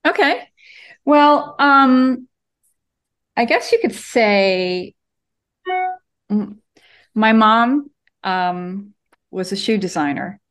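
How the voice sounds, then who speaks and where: A woman's voice: on the high side, extremely slow, pauses often, soft background music. A woman cartoonist, a guest in an interview, telling her story with lots of ums over a video call from her home studio. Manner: animated storyteller, many ums.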